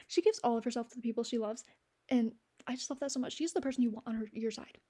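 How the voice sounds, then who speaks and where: A young woman vlogging about books in a casual, gushing way, giggling often and sometimes dropping to a soft near-whisper. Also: on the high side, quick pace. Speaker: book vlogger. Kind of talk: casual chat to camera.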